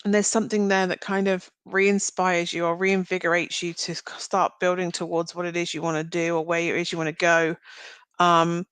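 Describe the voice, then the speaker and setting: A woman's voice: on the low side, flat delivery, normal speed, a bit bright, clear, resonant tone, dry recording. A woman giving live-streamed tarot card readings, talking straight to viewers in a chatty, meandering, reassuring way as she thinks aloud. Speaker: tarot reader.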